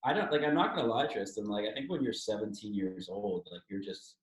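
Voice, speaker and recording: A man's voice: on the low side, animated, fairly quick. A man from Toronto in his thirties, telling his story candidly as an interview guest, swearing freely and acting out what others said. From Toronto, Canada. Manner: candid, swears freely, acts out quoted speech. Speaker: guest, former hockey player. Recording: echoey room.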